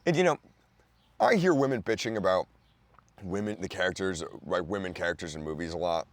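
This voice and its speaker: A man's voice: low voice, fairly quick, dry recording. A young man from the Philadelphia area hosting a comedy podcast, ranting loosely about a movie with lots of fillers and restarts. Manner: loose, rambling, lots of fillers and restarts, sudden loud outbursts. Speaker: podcast host. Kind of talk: rambling comedic movie rant.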